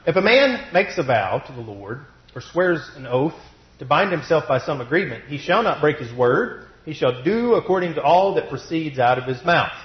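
A man preaching a sermon through a cough, slowing down to stress his points, at a pulpit mic in a church. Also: a little high, big pitch swings. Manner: measured, deliberate delivery with slowed emphasis. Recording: roomy, dull lo-fi sound.

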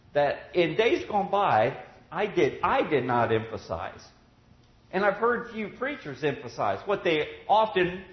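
A man preaching a sermon in a church. His voice sits high and swings widely, and he presses hard on the scripture he quotes. The recording is roomy and a little dull. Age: older than twenty. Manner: animated, rising to emphatic scripture quotes.

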